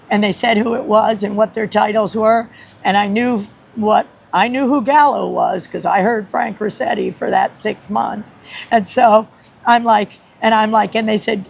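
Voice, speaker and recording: A woman guest on a podcast telling a story in an animated, rambling way, laughing often and acting out the people she quotes. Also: medium pitch, moderate pace, vocal fry, slight background noise, poor audio. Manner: rambling with many restarts.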